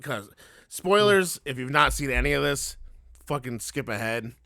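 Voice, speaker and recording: A man's voice: mid-range voice, lively intonation, normal speed, gravelly, bright, forceful tone, no room sound, studio quality. A man co-hosting a casual podcast, telling rambling, profane stories and laughing often. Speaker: podcast co-host. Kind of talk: casual chat.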